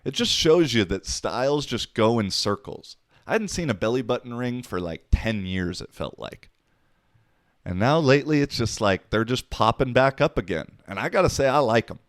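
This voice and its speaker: This podcast host speaks alone in a casual solo monologue, rambling, cursing, and cracking jokes. His mid-range voice is expressive and moves at a moderate pace, recorded dry with studio quality.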